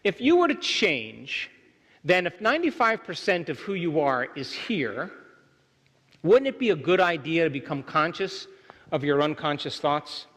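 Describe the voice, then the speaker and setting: A middle-aged workshop speaker lectures a live audience in a large hall, emphatic and often asking them to agree, with hall reverb from the live venue. His fairly high voice is very animated, a little slow and fairly bright.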